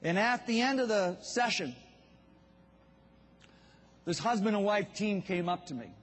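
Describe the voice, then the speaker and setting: A man's voice: sits high, a little slow. A man with a Boston accent giving a motivational business seminar talk, telling stories and addressing the audience directly. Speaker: business speaker. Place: event hall. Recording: long hall reverb.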